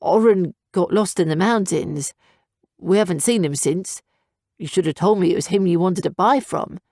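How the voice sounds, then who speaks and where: Kindly, awkward male trader, read by a woman; slightly lowered, dry studio read. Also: moderate pace, warm tone, no room sound. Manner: awkward and earnest.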